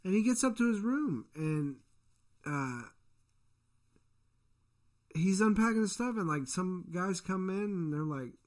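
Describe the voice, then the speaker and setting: A man's voice: sits high, animated, measured pace, long pauses. Rambling, cussing man telling a story. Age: adult parent. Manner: profane, rambling storyteller, acts out quoted voices. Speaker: podcast co-host. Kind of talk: casual podcast chat.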